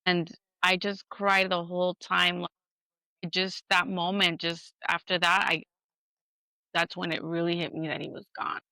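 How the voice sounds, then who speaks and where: A woman's voice: lowish voice, level tone, unhurried, pushed and bright, smooth, dry recording, poor audio. A woman co-hosting a podcast, telling a personal story earnestly and candidly, acting out what others said. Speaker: podcast co-host. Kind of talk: casual podcast chat.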